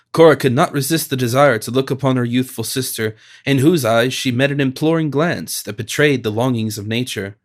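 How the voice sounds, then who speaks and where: In a mid-range voice, a man narrates a classic novel as an audiobook reader, telling the story in a measured, even manner.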